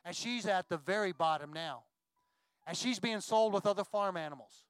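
A pastor with a high, smooth voice retells a Bible story with feeling during a church sermon, at normal speed. The recording is close and dry with no room sound, and soft music plays faintly underneath.

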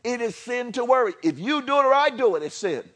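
A man with a high, bright-sounding voice preaches a sermon in a church. He repeats himself for emphasis and drops into chatty asides. Then he builds up to near-shouting. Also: quick pace. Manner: animated, swinging from soft to near-shouting. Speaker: pastor.

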